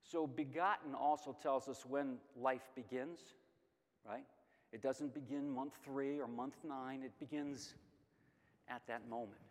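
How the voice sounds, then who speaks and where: A middle-aged man teaching a Bible lesson, emphatic and lively, asking questions and answering them himself. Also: medium pitch, unhurried. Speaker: Sunday school teacher. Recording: long hall reverb.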